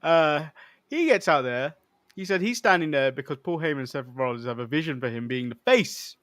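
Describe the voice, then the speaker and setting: A man's voice: medium pitch, a bit bright, no room sound, clean studio sound. A man from the United States co-hosting a podcast, recapping a wrestling show in a laid-back way. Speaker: podcast co-host.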